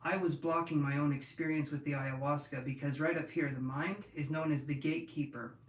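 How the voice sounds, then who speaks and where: A man's voice: fairly high pitch, steady tone, a little fast. A man hosting a tarot live stream, chatting casually and rambling to his viewers with many restarts. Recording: echoey room, mic at a distance.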